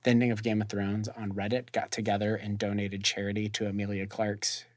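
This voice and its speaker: A man's voice: lowish voice, little pitch movement, brisk, no echo. A man hosting a podcast in casual chat, wry and rambling, mimicking people as he talks. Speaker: podcast host.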